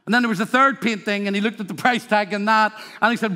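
A man's voice: high-pitched, steady tone, quick pace, few pauses, pushed and bright. A man with a Northern Irish accent preaching a sermon to a congregation, emphatic and rhythmic, with humorous asides. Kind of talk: sermon with storytelling. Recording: reverberant hall.

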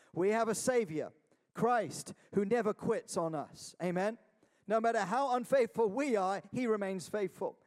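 Male preacher, high voice, earnest exhortation, long reverb of a large hall. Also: a little mellow. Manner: earnest exhortation with repeated calls of "Amen?". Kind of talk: sermon.

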